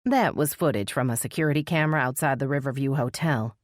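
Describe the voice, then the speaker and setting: A woman's voice: fast, dry recording, clean studio sound. A woman voicing a determined female police officer in an audiobook, speaking earnestly and soothingly. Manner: earnest, steady, low and soothing.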